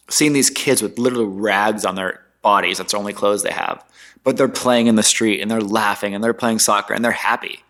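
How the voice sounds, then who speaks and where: A man in his twenties, a guest entrepreneur, telling his story in a casual interview in an animated, slangy way. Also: lowish voice. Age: 20s. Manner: animated, slangy, mimics others in quotes.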